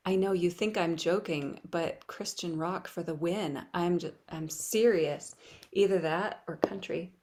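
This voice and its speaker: A woman leading an online spiritual practice, speaking softly and often dropping to a whisper, with playful asides. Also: lowish voice, a little slow. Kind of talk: gentle spiritual teaching.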